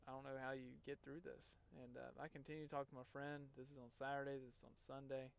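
A man hosting a podcast, telling a personal story in an earnest, emotional way, halting and restarting as he talks. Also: mid-range voice, little pitch movement, gravelly, smooth. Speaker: podcast host. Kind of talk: personal story, casual monologue.

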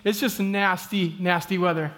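A man, preaching a sermon in a conversational, animated storytelling way. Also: high-pitched, normal speed, in a large hall. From Midwest US. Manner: conversational, animated, with frequent "like" fillers.

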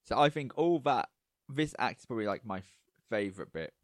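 A man, co-hosting a podcast in a relaxed, rambling chat full of fillers. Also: mid-range voice, brisk, no room sound, studio quality. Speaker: podcast co-host. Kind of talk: casual chat.

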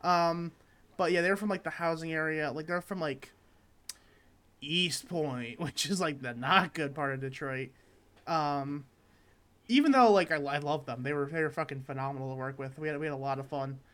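A man's voice: on the high side, normal speed, fairly bright tone, smooth. A young man co-hosting a casual chat, telling rambling stories full of fillers and swearing. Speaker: podcast co-host.

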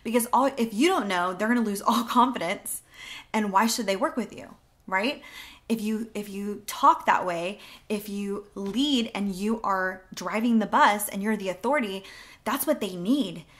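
A woman's voice: medium pitch, normal speed, fairly bright tone. A woman in her thirties coaching real estate agents in a casual, chatty teaching style, acting out door-knocking lines as she goes.

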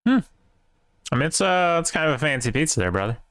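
Teasing man with a smooth, lively voice. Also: on the high side, fast talker, dry recording. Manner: laid-back, teasing, swears casually. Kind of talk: casual debate chat.

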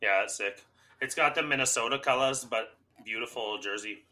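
A man's voice: mid-range voice, normal speed, pushed and bright. A hungover man co-hosting a podcast, laughing and swearing as he tells rowdy stories in casual chat. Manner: laughing, swearing, boisterous storyteller. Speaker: podcast co-host.

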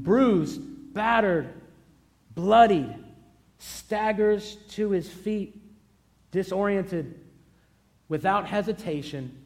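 A man with a noticeably high voice preaches a sermon as a pastor. He drives his points home through emphatic, repeated declarations, building up to each one, and stops to tell a story along the way.

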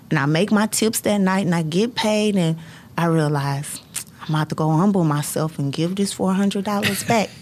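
A middle-aged woman, a high school counselor, telling personal stories in an earnest, faith-filled way and breaking into laughter. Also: a little mellow. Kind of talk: personal storytelling in conversation.

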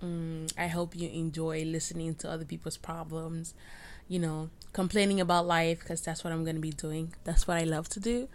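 A young woman in her late teens or twenties rambles through a casual solo podcast rant, self-deprecating and restarting her sentences as she goes. Her voice sits a little low for a woman. She is recorded at home on a cheap microphone. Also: little pitch movement, moderate pace. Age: young adult. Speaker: podcast host. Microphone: cheap USB microphone.

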